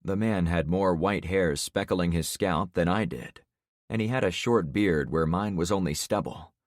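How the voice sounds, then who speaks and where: Male narrator, deep low voice, matter-of-fact first-person audiobook reading, dry close-miked sound. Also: moderate pace, no room sound. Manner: steady, matter-of-fact storytelling.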